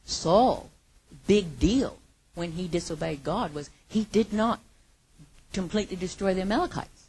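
A woman preaching a sermon with passion, her voice moving between hushed and loud. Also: on the low side, lively intonation, a little slow, breathy edge, low-quality recording.

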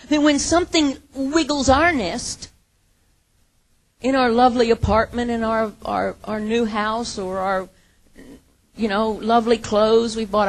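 A woman preaching a sermon, earnest, moving from hushed, quiet lines to emphatic ones. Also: on the high side.

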